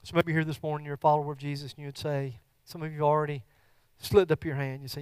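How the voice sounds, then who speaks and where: A middle-aged man preaching a sermon as a church pastor, moving between loud, fervent declarations and soft, earnest talk. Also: a little high, little pitch movement, fast talker, hardly any pauses, smooth, no room sound. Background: guitar music.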